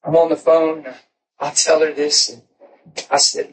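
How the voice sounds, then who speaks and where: A man preaching a personal testimony in an animated storytelling way, laughing and shouting at the peaks. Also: on the high side, normal speed, pauses often. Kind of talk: testimony sermon. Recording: distant mic with noisy room ambience.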